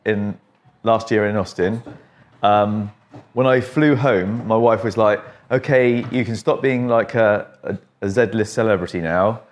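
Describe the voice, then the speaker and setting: An English barber with a lowish voice and measured pace chats with his client while cutting hair in a barbershop. He's a chatty storyteller who likes to joke.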